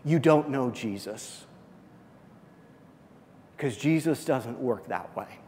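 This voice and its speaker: A man preaching a sermon as pastor, swinging from loud high bursts to low hushed lines. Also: expressive, slow, a little hiss or hum. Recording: long reverb of a church hall.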